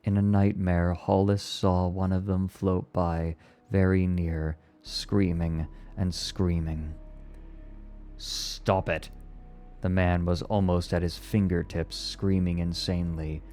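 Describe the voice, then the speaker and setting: A male storyteller with a very deep, dark voice reads slowly and solemnly, pausing often. Soft music plays faintly behind him. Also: level tone. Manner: slow, measured and solemn. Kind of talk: dramatic story reading.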